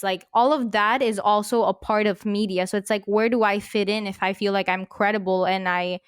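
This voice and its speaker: A woman journalist co-hosting a podcast, talking in passionate rushes with many fillers. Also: mid-range voice, steady tone, clear, resonant tone, dry recording, clean studio sound. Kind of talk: casual chat. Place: recorded podcast studio.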